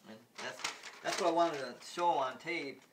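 A man's voice: fairly high pitch, recorded from a distance, noisy background. Rambling man recounting a TV episode. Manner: rambling, halting, filler-heavy. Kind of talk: casual retelling of a TV episode. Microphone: phone.

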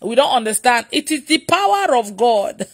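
Woman preacher, livestream prayer, frequent laughter, repetitive phrasing, somewhat high pitch. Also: big pitch swings, a little slow. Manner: laughs often, repeats phrases.

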